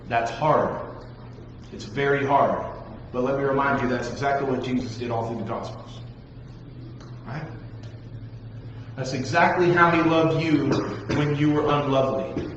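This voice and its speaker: A man preaching a lively sermon to young listeners, talking straight at them and acting out the voices of the people he describes. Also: medium pitch. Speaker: pastor. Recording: dull, echoey hall recording with faint noise.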